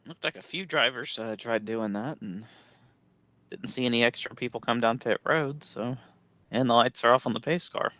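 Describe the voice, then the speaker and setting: A man's voice: medium pitch, normal speed, bright, forceful tone, no echo. A man chiming in on a sim racing broadcast with brief, laid-back remarks. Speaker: race commentator. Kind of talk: casual race commentary.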